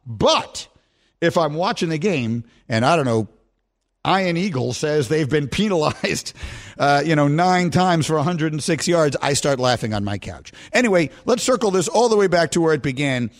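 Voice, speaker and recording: A man's voice: fairly high pitch, moderate pace. A man hosting a sports radio show from a studio microphone, telling stories in casual banter and often cracking himself up. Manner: animated storyteller, breaks into laughter.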